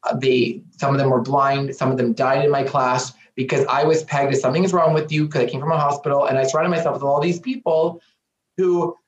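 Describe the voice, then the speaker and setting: Speaking fairly quickly with a steady, medium-pitched voice, a male interview guest talks candidly. He's earnest and emphatic, repeating points for weight, and the audio sounds roomy, dull and lo-fi.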